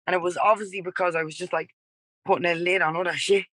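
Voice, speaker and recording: An Irish yoga and dance teacher in her twenties, Dublin accent and all, appears as a podcast guest telling a personal story in a candid, rambling, animated way, full of "like" and "he was like." She talks fast in a voice on the low side, with no echo and low-quality audio.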